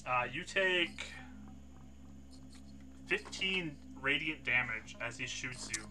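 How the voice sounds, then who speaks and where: A man narrating a tabletop game as game master in a relaxed way with frequent fillers. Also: medium pitch, slow, noisy background.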